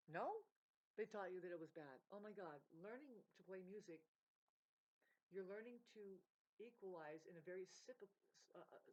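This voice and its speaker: A woman's voice: medium pitch, muffled recording. A woman talking in a rambling, swearing, stream-of-consciousness monologue about spirituality and music, with her voice jumping up and down. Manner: stream-of-consciousness, swearing, jumps between topics. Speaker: vlogger.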